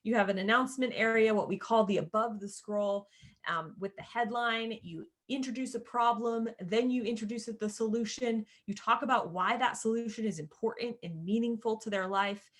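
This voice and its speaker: A woman's voice: a little high, normal speed. Woman presenting a screen-share lesson, chatty and casual, speaks straight to her viewers. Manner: chatty, addresses viewers as "you guys", casual asides. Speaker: course creator teaching sales page design.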